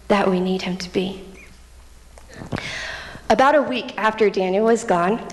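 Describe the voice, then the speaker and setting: A young woman giving a personal testimony in a church, speaking earnestly and often dropping to a hushed near-whisper. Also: medium pitch. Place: church sanctuary. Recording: reverberant church hall.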